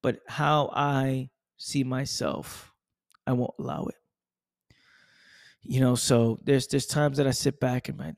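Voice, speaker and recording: A man's voice: mid-range voice, little pitch movement, slow, vocal fry, pauses often, no echo, clean studio sound. A young man hosting a motivational podcast, talking emphatically, repeating himself and swearing freely. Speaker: podcast host.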